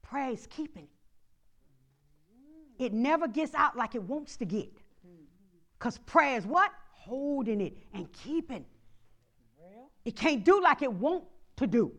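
High-voiced woman pastor preaching a sermon. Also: sing-song, a little slow, long pauses. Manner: preaching with call-and-response, swinging from soft asides to shouts.

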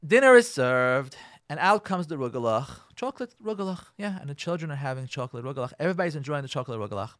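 A man's voice: a little high, quick pace, no room sound, studio quality. A man speaking as a rabbi in a radio talk on marriage, acting out both sides of family quarrels and using Hebrew and Yiddish words. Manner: animated, acts out both sides of arguments.

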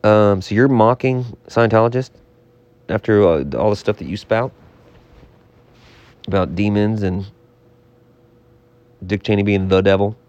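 Low-voiced man on dull lo-fi audio. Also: darkish tone. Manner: halting, exasperated, giggly. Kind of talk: comedic podcast banter.

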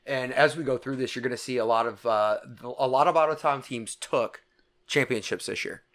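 A man co-hosting a podcast in easy conversation. His voice sits at an ordinary middle pitch. He speaks in a relaxed, matter-of-fact way and often drops in brief remarks. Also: moderate pace. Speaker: podcast co-host. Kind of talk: casual chat.

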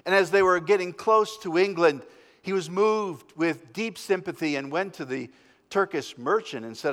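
Dramatic preacher in a reverberant church. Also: male voice, high voice, normal speed. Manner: dramatic storytelling, swinging between loud and hushed. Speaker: pastor. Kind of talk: sermon.

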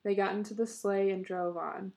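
A female narrator reads a short story aloud at a steady, measured pace. She has a medium-pitched, gravelly voice with a dark, mellow tone.

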